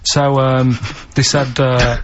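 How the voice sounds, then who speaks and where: Deadpan halting male storyteller on radio. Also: mid-range voice, background noise. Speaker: radio show regular telling stories. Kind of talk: casual radio banter. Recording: muffled radio broadcast recording.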